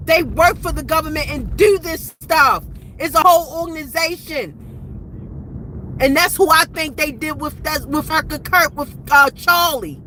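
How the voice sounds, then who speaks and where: A woman's voice: sits high, normal speed, bright, forceful tone, slight background noise, low-quality recording. A woman in her forties recording an impassioned, rambling vlog rant outdoors at night, repeating herself as she talks. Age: 40s. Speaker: vlogger.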